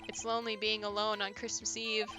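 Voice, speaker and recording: A woman voicing a brash, lonely young male witness, talking loud, defensive and slangy while reading a game's dialogue aloud. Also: mid-range voice, monotone, brisk, faint music behind, natural voice.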